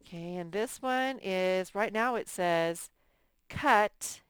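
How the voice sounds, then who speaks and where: A woman's voice: medium pitch, slow, clear, resonant tone. A woman teaching a reading lesson to young children, drawing out words and sounding out letters. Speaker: first-grade teacher.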